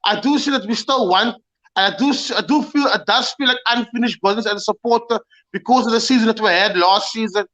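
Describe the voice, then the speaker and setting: Bright high-voiced man, halting football chat. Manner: halting, repeats words, many fillers. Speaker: panelist, Liverpool supporter. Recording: dull lo-fi audio.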